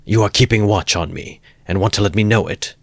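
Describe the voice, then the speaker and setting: A man's voice: fairly low pitch, brisk, creaky, dry recording, clean studio sound. A man voicing a furious proud young suspect. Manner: angry, imperious outbursts. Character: feverish, proud young man under suspicion.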